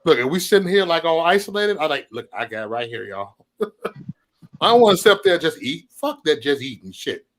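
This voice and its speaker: A man hosts a casual livestream from his home. He riffs in loose, profane banter that breaks into laughter. His pitch swings widely as he talks. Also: sing-song, a little fast. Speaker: livestream host.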